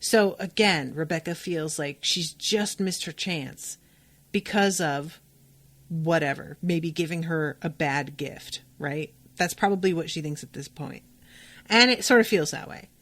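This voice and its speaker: A woman's voice: low-pitched, unhurried, a bit bright. A woman hosting a casual podcast recaps an episode in an easy, chatty voice. She is opinionated and often breaks off to speak straight to the characters. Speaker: podcast host.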